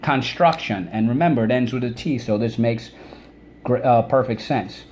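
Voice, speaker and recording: A man's voice: mid-range voice, a little mellow, a little hiss or hum. A man teaching a recorded vocabulary lesson for children, drawing out syllables and coaxing students to repeat words. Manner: drawn-out syllables, coaxing repetition.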